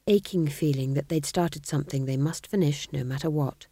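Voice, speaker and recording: A woman reading a comic fantasy novel aloud in a wry, expressive storytelling manner. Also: sits low, moderate pace, husky, dry recording, clean studio sound. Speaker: audiobook reader. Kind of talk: scripted narration.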